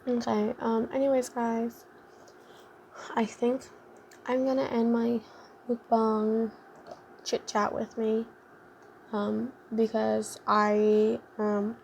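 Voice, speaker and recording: A woman's voice: a little high, flat delivery, takes it slowly, creaky, a little mellow, a little hiss or hum. A young adult woman vlogger telling a casual storytime, rambling and full of fillers like "like" and "um".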